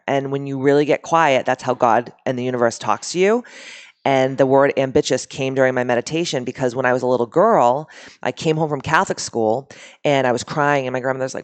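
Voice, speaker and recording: Lively storytelling woman in her thirties. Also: a bass voice, a little fast, no room sound. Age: 30s. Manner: animated storytelling, emphatic. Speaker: podcast guest. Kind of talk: casual chat. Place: podcast studio.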